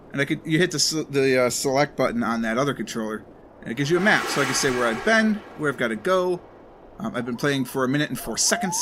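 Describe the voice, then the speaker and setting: A man's voice: medium pitch, expressive, fast talker, music in the background. A man hosting a let's play, chatting casually and rambling as he plays, often correcting himself mid-sentence. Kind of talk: casual game commentary.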